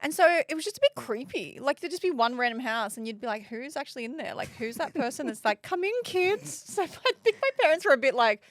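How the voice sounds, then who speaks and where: A woman's voice: a little high, animated, quick pace, hardly any pauses, dry recording. A woman in her thirties hosting a podcast, chatting playfully and laughing often. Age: 30s. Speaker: podcast host. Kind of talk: casual chat.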